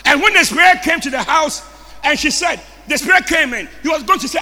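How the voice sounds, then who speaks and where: A Ghanaian man preaching a sermon in a shouting, call-and-response style. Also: very high-pitched, expressive, brisk, big-room sound. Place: church service. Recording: preaching over loud music.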